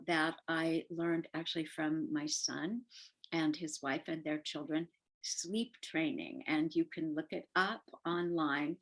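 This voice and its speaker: An older woman giving gentle, earnest advice to parents and teachers, often repeating words softly for emphasis. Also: deep voice, low-quality recording. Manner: warm, gentle advice with soft emphatic repetition. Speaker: parenting educator.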